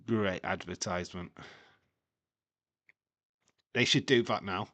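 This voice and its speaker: Stream host, male, slow unhurried delivery, giggly rambling banter, dry close mic. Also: on the low side, fairly bright tone, no echo, dull audio. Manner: laughs often, rambling with fillers and jokey tangents. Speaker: live stream watch-along host. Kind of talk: casual chat to live chat viewers.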